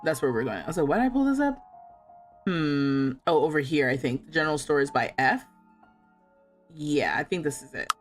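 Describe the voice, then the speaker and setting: A woman's voice: deep voice, animated, fairly quick, faint music behind. A young adult woman livestreaming a life sim game, chatting casually, reading chat aloud, laughing and talking back with playful indignation.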